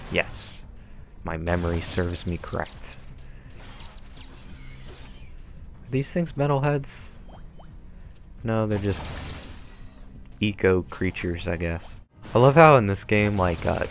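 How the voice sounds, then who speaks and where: A low-voiced young male gamer gives casual let's-play commentary, rambling and self-deprecating. Faint game music plays behind him.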